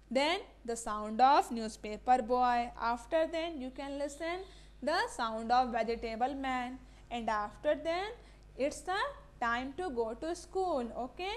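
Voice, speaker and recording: Slow, high-voiced Indian English woman teacher. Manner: asks the class rhetorical questions and repeats words slowly. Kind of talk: classroom lesson reading a story to young children.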